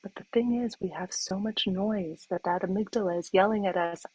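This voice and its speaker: Husky, dry-voiced woman host. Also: medium pitch, normal speed, dry recording, rough recording. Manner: earnest, storytelling, animated quotes. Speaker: host and speaker. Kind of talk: livestream wellness talk.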